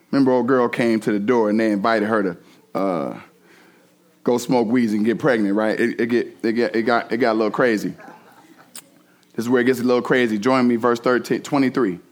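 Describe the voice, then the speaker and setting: A man's voice: medium pitch, moderate pace, pauses often. A man preaching a sermon as pastor, reading scripture and then speaking animatedly, restarting phrases and acting out quotes.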